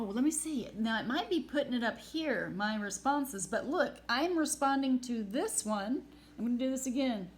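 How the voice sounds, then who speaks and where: A woman, vlogging in a rambling, excitable way and laughing often. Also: a little high, slight background noise. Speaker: spiritual vlogger. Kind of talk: rambling casual vlog.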